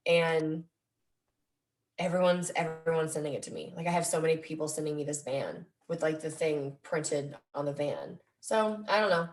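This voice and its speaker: A woman's voice: low voice, animated, normal speed, far from the mic. A woman guest chatting casually on a podcast, rambling with lots of fillers. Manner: rambling, filler-heavy, laughs often. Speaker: guest athlete. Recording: roomy, away from the mic.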